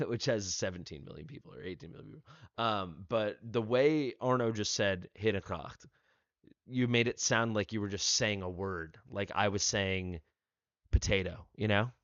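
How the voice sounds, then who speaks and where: A man's voice: lowish voice, normal speed, a bit bright, no echo. A man hosting a live stream, chatting and telling rambling stories full of restarts. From United States. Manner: rambling storyteller, restarts often. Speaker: streamer host. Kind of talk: casual chat. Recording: dry, dull lo-fi.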